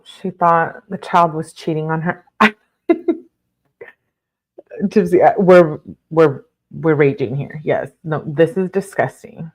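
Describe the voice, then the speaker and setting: A woman's voice: deep voice, slow pace, pauses often. Outraged woman reading aloud live. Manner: reads aloud then reacts with blunt outrage, filler-heavy. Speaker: livestream host reading court documents. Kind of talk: casual live commentary.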